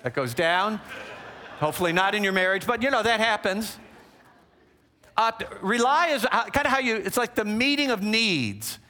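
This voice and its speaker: A man giving a teaching talk on relationships, animated and conversational, with frequent asides to the audience. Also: high-pitched, normal speed, a little hiss or hum.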